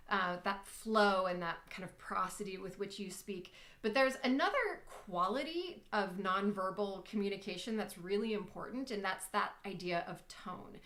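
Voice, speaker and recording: A woman's voice: mid-range voice, pushed and bright. Woman coach in her 30s rambling casually on a livestream, lots of um and like. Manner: chatty, self-deprecating, many fillers. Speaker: communication coach. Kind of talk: casual live-stream chat.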